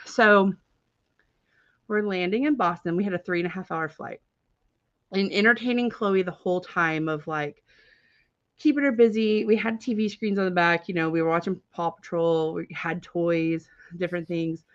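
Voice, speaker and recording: A woman's voice: on the low side, moderate pace, dry recording. Chatty woman hosting a live stream. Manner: animated, chatty, with many filler words and frequent laughter. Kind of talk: casual storytelling on a live stream. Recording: dull, dry, lo-fi stream audio.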